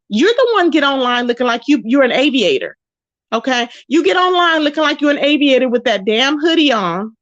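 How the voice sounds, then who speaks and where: A woman hosting an online commentary show, ranting in a sassy, confrontational way with drawn-out emphatic phrases. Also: high voice, fairly bright tone, dry recording. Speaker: YouTube commentary host. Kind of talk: casual commentary rant. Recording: dull, lo-fi, dry.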